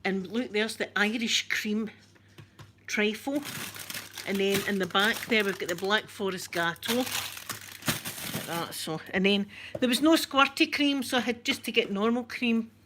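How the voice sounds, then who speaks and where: A Scottish woman vlogger chatting casually with her viewers, talkative and quick to laugh at herself. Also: medium pitch, background noise. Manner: chatty, laughs often, self-mocking. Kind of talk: casual live-stream chat.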